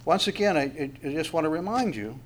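A man's voice: a little high, expressive, brisk, slight background noise. A male pastor preaching a sermon in a conversational way, repeating words and adding chuckling asides.

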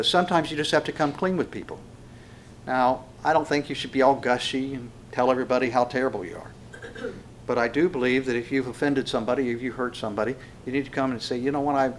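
A male pastor preaching in a relaxed, folksy way with frequent fillers and restarts. He slows down and raises his voice when reading scripture verses aloud. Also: mid-range voice, slight background noise. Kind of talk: conversational sermon with scripture reading.

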